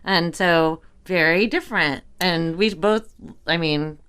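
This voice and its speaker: Podcast co-host, a woman in her forties from Brooklyn, low smooth voice, a lively storyteller. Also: takes it slowly. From Brooklyn, New York. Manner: animated storyteller, acts out quotes. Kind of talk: casual chat.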